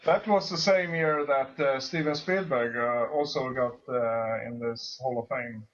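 A man's voice: mid-range voice, a little slow. A man speaking hesitantly, with many fillers, in a casual podcast chat. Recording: dull lo-fi recording.

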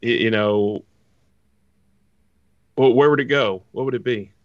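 A man's voice: mid-range voice, measured pace, no room sound, recorded from a distance, lo-fi sound. A man co-hosting a casual podcast chat, rambling and joking as he sets up the topic. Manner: rambling, joking, mimics other fans. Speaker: podcast co-host.

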